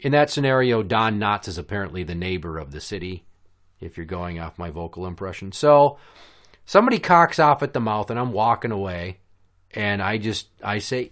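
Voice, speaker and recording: A man's voice: fairly low pitch, animated, moderate pace, fairly bright tone. A man hosting a podcast, telling a story in a blunt, sarcastic, profane rant. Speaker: podcast host. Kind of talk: casual ranting storytelling.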